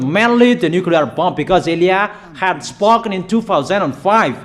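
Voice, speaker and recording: A male preacher giving a prophetic sermon, declaring slowly and emphatically, pausing often with fillers. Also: sits high, expressive.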